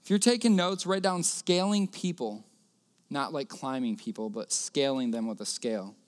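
A man's voice: medium pitch, normal speed. A man preaching a sermon, telling a personal story earnestly and repeating key phrases.

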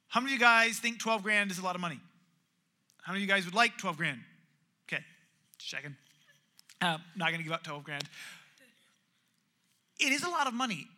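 Animated high-voiced male preacher. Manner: animated storytelling, acts out characters' voices. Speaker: pastor. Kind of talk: sermon.

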